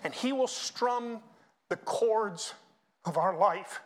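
Middle-aged male pastor, high voice, preaching in church with big swings between quiet and loud. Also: slow. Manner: preaching with swings from hushed to loud, chanting hymn lines. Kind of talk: sermon.

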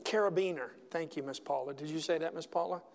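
A man's voice: on the high side, quick pace, creaky, long reverb tail. A man preaching a sermon as pastor, building to emphatic, impassioned passages.

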